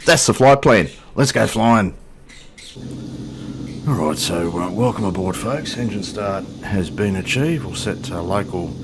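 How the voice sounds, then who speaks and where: A man with a low voice gives casual, joking commentary as he sets up and flies a simulated plane. His pitch swings widely as he talks, with plenty of self-deprecating asides. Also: background noise. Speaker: flight sim video host.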